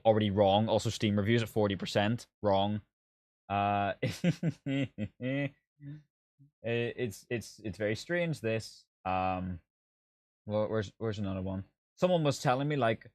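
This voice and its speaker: Reacting to his live-stream chat, a man who reviews games laughs, swears and sounds sarcastically exasperated and incredulous at the comments. His voice is lowish and his speed normal, captured in a dry, studio-quality recording.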